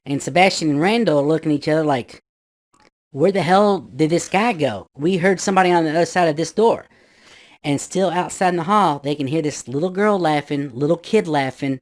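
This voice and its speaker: A man's voice: on the high side, a little mellow. A man in his fifties casually telling a ghost story from his youth, rambling with restarts and acting out his friends' voices.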